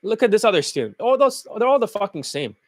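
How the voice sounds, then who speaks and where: A man's voice: high voice, very animated, fast, no echo, studio quality. A man who coaches dating, talking in a blunt, crude and scornful rant. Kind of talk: profane ranting monologue.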